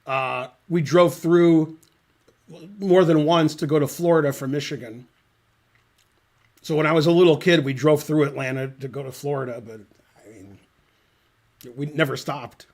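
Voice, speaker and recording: Middle-aged male chess commentator, slightly high voice, dry and digressive, casual rambling delivery. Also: fairly even intonation, normal speed, long pauses, a little mellow.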